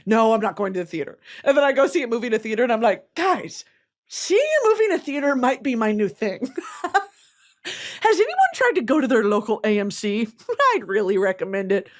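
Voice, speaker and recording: Woman host: lively, slightly high, profane and laughing, casual chat. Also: a little fast. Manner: animated, profane, laughs often. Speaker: podcast host.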